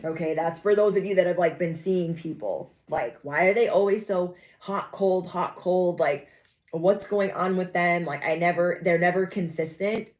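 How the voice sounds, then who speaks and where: Chatty, sassy woman with a low voice. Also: normal speed, a little mellow, poor audio. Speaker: tarot reader. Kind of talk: casual spoken reading to viewers.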